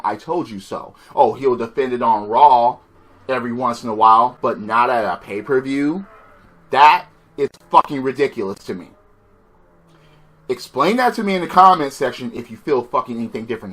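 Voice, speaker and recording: A man's voice: mid-range voice, animated, normal speed, fairly bright tone. A man giving a profane, sarcastic, exasperated rant reviewing a wrestling show.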